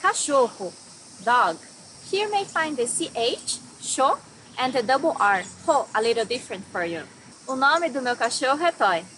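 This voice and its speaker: High-voiced Brazilian woman teaching words. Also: sing-song, fairly bright tone, slight background noise, low-quality recording. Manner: says each word slowly and then gives its meaning. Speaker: language teacher. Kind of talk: vocabulary lesson.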